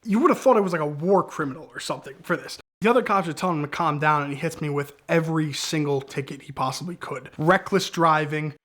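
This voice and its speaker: Animated young guy telling a story. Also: on the high side, fast talker, hardly any pauses. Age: young adult. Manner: animated, acts out the cops' shouting in quoted lines. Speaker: guest storyteller. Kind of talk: casual storytelling.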